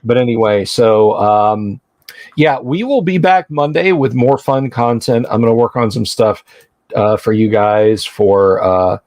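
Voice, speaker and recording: A man's voice: medium pitch, a little mellow, no room sound. Rambling man hosting a livestream. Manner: rambling, halting with many restarts. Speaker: game master and host. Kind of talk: casual livestream chat.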